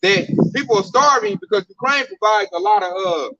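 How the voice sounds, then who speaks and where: High-voiced man preaching bluntly. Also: lively intonation, moderate pace, fairly bright tone, dry recording, dull audio. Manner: blunt, emphatic, slangy. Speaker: Bible teacher. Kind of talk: casual street preaching.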